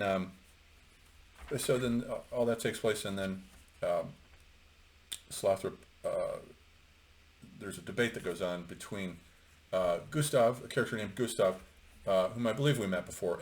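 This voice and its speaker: A middle-aged man giving an unscripted, opinionated commentary on a novel, talking in a rambling way with many fillers. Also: fairly low pitch. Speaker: lecturer on literature.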